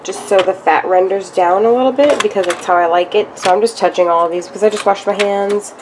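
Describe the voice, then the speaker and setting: A woman's voice: medium pitch, a little fast, background noise. A woman vlogger chatting casually while she cooks and eats in her home kitchen, describing each step. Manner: chatty, self-narrating while cooking and eating. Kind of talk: casual cooking vlog chat.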